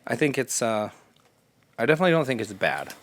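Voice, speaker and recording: A man co-hosting a casual gaming podcast, rambling and animated, swearing and slipping into quick voices for the people he quotes. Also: mid-range voice. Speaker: podcast co-host. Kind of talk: casual chat.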